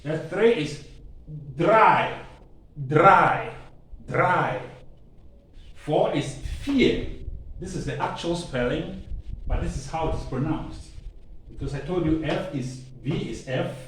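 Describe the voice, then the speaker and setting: A man from Ghana with a Ghanaian English accent, teaching an online language lesson with slow, emphatic drilling, repetition and playful asides. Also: a little high, animated, a bit bright, far from the mic. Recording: very echoey room, voice off-mic, faint ambient noise.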